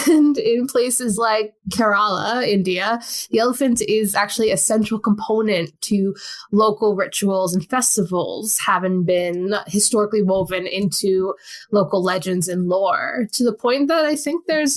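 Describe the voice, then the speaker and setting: Chatty American woman co-hosting a podcast. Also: mid-range voice. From United States. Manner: chatty, laughs often, many fillers. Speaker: podcast co-host. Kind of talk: casual educational chat.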